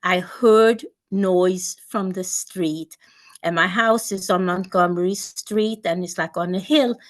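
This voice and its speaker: A woman's voice: fairly low pitch, slow. A woman in her eighties from Sweden, a guest speaker telling a personal story vividly, with repetitions and restarts.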